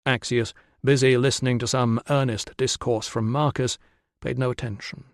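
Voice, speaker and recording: A man's voice: mid-range voice, level tone, moderate pace, dry recording. Man narrating an audiobook, dry close sound. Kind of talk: scripted narration.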